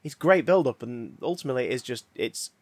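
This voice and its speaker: A man chatting as a podcast co-host, animated and quick with jokes. His voice sits in the middle range and the recording is close and dry. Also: medium pitch, husky, no echo. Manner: animated, jokey, quick asides with laughs. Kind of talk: casual chat.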